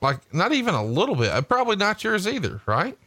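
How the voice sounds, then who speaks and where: Profane, bright-voiced man, dry sound. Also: sits high, wildly swooping pitch, fast talker, no echo. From Huntsville, Alabama. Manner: profane, jokey, laughs often. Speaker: podcast co-host. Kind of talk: casual wrestling chat.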